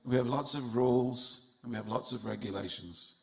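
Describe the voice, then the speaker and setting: A man delivers a festival sermon in a temple hall, speaking directly to the crowd and telling funny stories. His medium-pitched voice is creaky with a darkish tone, and he talks at a normal speed.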